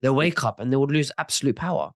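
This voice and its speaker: Man, interview talk, insistent, repeats words at starts, mid-range pitch, dry sound. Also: animated, quick pace, creaky, dry recording. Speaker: interviewer or guest in a video interview. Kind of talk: casual conversational interview.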